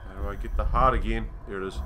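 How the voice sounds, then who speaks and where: A man hosting a let's play, reading in-game menu text aloud as he goes and swearing casually in relaxed commentary. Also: on the low side, fast talker, background noise.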